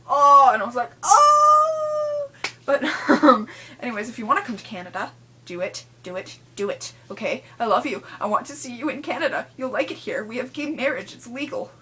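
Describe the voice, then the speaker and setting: A woman's voice: fairly high pitch, fairly bright tone, a little hiss or hum. A young woman rambling frankly in a casual vlog, full of fillers and blunt asides. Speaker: vlogger.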